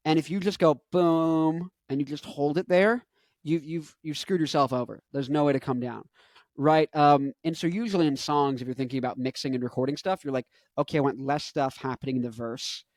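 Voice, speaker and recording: Yirmili yaşlarında bir adam, dolambaçlı ve hareketli bir şekilde sohbet ediyor; sesi ortalamadan biraz tiz. Kayıt kuru ve yankısız, sürekli "şey", "yani" gibi dolgu sözcükleriyle kendini düzeltiyor. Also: male voice, a little high, fairly quick, no echo. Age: 20s. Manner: rambling, animated, many fillers and self-corrections. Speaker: musician and vlogger. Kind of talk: casual rambling chat.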